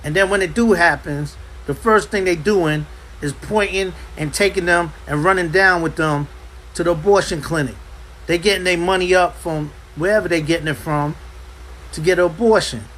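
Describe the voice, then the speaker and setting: A man teaching a Bible class in an impassioned preaching style, forceful and hammering points home by repeating himself. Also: high-pitched, normal speed, a little hiss or hum, rough recording. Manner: forceful, repeats "understand" for emphasis. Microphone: livestream.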